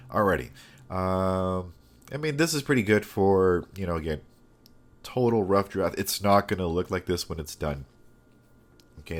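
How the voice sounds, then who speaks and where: A man teaching a step-by-step digital comic drawing lesson, thinking aloud with frequent pauses and restarts. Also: low-pitched. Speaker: comic art instructor.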